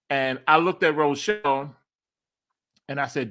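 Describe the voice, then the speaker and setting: A man's voice: fairly high pitch, a little slow, pauses often. A man, telling a story as a podcast guest and acting out the quoted dialogue with laughs. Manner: animated, acts out quoted dialogue, laughs often.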